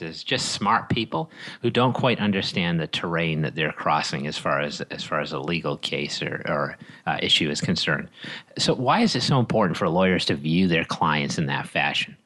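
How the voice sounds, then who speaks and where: A man's voice: low voice, sharp tone, poor audio. A man hosting a podcast, opening with a scripted, joke-filled intro and then interviewing a guest in a wry manner. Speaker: podcast host.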